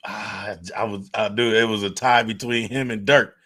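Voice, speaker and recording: A man's voice: fairly low pitch, fairly even intonation, normal speed, a bit bright. A man co-hosting a sports podcast in casual chat, talking in a laid-back, slangy way. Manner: laid-back slangy talk, laughs along. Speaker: podcast co-host.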